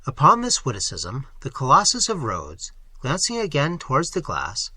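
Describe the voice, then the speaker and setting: A man narrating an audiobook with expressive, measured storytelling. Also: mid-range voice, breathy edge, no echo. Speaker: audiobook reader.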